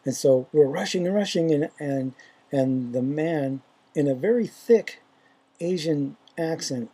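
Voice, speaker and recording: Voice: mid-range voice, animated, a little slow, warm tone, breathy edge. A faith vlogger casually retelling a dream, rambling and hesitant, with lots of fillers and restarts.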